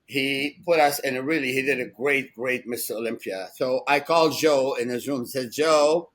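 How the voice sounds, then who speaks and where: A man in his sixties telling rambling, animated stories as a podcast co-host, laughing often. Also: medium pitch, moderate pace, low-quality recording. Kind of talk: casual storytelling chat.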